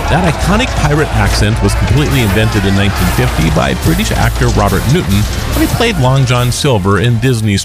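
A man co-hosting a radio day-of-the-year feature, reading theatrically and joking in mock pirate growls. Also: medium pitch. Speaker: radio segment co-host. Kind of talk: scripted feature with playful banter. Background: music.

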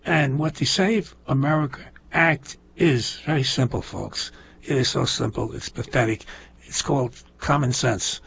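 A man's voice: mid-range voice, moderate pace, vocal fry, a bit bright, slightly rough, muffled recording. A man hosting a talk show, delivering a rambling, emphatic monologue and often calling his listeners folks.

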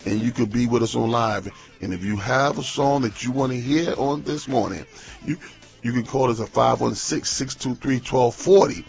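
A pastor hosts a morning radio broadcast with a gravelly, slightly husky voice. He talks in a folksy, casual way, repeating himself as he tells stories. The sound is muffled and lo-fi. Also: medium pitch. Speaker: pastor and radio show host.

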